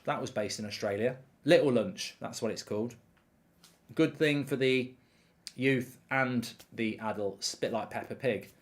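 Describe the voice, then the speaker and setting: A man's voice: medium pitch, fairly bright tone. A man hosting a live football watchalong stream, chatting casually, rambling with lots of ums and reading viewers' comments aloud.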